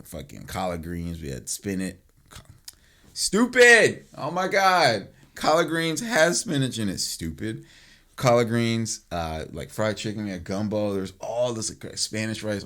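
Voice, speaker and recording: A young man co-hosting a podcast, telling a rambling story with swearing and bursts of laughter. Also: low voice. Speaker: podcast co-host. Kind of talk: casual storytelling chat.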